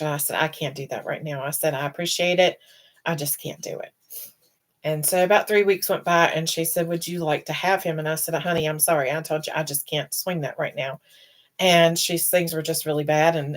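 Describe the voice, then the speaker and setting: A woman's low, unhurried voice carries a casual live-stream chat. She rambles from one thought to the next and sounds on the edge of crying. She comes across as middle-aged and speaks as the host of her own show. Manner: rambling, emotional, fighting back tears.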